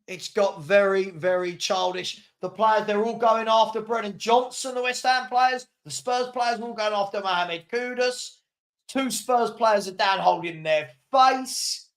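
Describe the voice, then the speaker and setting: A man with a notably high speaking voice hosts a live football watchalong. He talks casually and animatedly, reacting to the match and answering viewers' comments with frequent chuckles. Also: unhurried, a bit bright. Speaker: host of a football fan watchalong.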